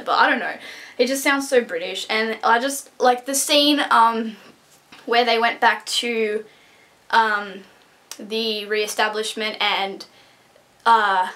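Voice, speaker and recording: A woman's voice: a little high, fairly bright tone. A young woman gushing and rambling through a casual book review vlog, full of restarts and fillers.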